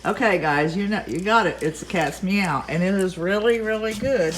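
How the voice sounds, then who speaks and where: A woman's voice: medium pitch, normal speed, slight background noise. A woman hosting a crafts vlog from her home kitchen, chatting casually to camera in a rambling way with folksy asides. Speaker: crafts vlogger host.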